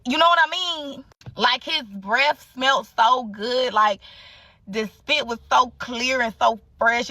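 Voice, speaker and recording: A woman's voice: a little high, pushed and bright, recorded from a distance, a little hiss or hum. A young woman telling a candid story in casual, profane chat, full of fillers and asides.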